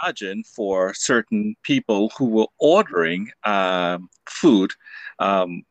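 Male interviewer, hesitant questions, lively pitch, dry close sound. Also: slow, dry recording, highs cut off. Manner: hesitant questions with many ums and uhs. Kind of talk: conversational interview.

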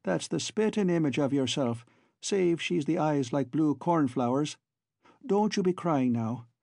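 A man's voice: fairly high pitch, animated, a little slow, creaky, mellow, no room sound, studio quality. A man voicing a good-natured young Irish adventurer with a friendly, lilting Irish brogue. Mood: gentle.

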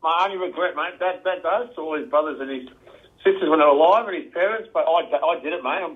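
Aussie bloke chatting over a phone line. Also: male voice, on the high side, quick pace. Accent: Australian. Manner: chatty, says "mate" constantly. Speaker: guest, former football coach. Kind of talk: casual chat.

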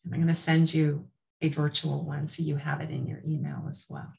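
A woman guest giving a heartfelt, slow and emphatic tribute to the host. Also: deep voice, flat delivery, vocal fry, rough recording. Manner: warm, earnest, slow and emphatic. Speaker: author and guest.

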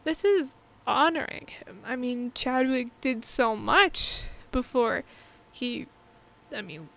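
A woman with a high voice talks through a film in a casual review vlog. She is earnest and heartfelt, rambling and restarting her thoughts as she goes. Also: expressive, slow, vocal fry, fairly bright tone. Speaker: movie reviewer.

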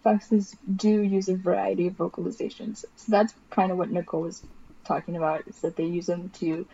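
A woman's voice: lowish voice, flat delivery, fairly quick, creaky, dark tone, slightly rough. A woman co-hosting a podcast, chatting casually and sharing facts with filler words. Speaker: podcast co-host. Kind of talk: casual chat. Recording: slightly dull lo-fi recording with faint hiss.

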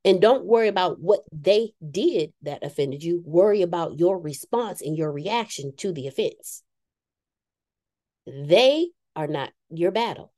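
Woman on a spiritual chat show, kinda dark mellow tone, blunt and laughs at herself. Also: on the low side, expressive, measured pace. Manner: candid and self-deprecating, preachy asides. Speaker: podcast co-host. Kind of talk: casual spiritual talk.

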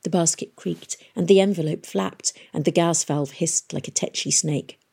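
A woman narrating an audiobook in a steady storytelling manner. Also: deep voice, moderate pace, vocal fry, slightly rough.

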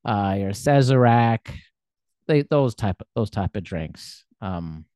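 A man's voice: fairly low pitch, expressive, slow, mellow, no room sound. Casting: male host, casual and rambling, jokes at his own expense, dry and close on the mic. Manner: rambling, self-deprecating, laughs often. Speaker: interviewer. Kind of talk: casual conversational interview.

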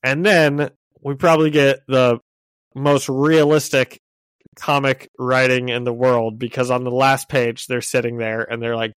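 A man co-hosting a podcast in easy, casual chat. He is upbeat, laughs often and walks through a story. His voice sits at a middle pitch, and the recording is dry and close. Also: little pitch movement, measured pace, fairly bright tone, clear, resonant tone, no room sound. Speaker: podcast co-host.

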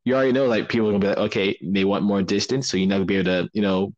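A man's voice: on the low side, very fast, darkish tone, muffled recording. Wrestler guy on a podcast, playful and jokey, laid back chat. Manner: joking, playful, laughs easily. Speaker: professional wrestler guest.

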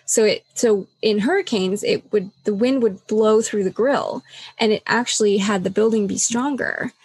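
At a moderate pace, her medium-pitched voice sounds a little mellow with a breathy edge, and there's no room sound. Chatting casually, she's candid and reflective, heavy on fillers like "like," and acts out what others said.

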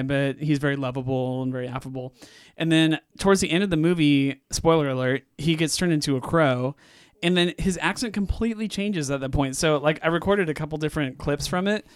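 A man co-hosting a podcast, talking about a film eagerly and sprinkling "like" through his sentences. His voice is smooth and clear, a touch high. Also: brisk. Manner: eager, chatty, hedging with "like". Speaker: podcast co-host. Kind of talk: casual chat.

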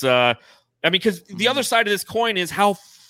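A man hosting a casual fan podcast, excitedly reading out donations and swearing freely. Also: high-pitched, quick pace. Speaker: podcast host.

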